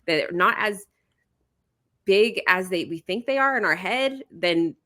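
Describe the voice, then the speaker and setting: A young adult woman, a psychologist, chatting as a podcast guest in a quick, casual way with many filler words. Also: medium pitch, animated, sharp tone. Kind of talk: casual interview chat.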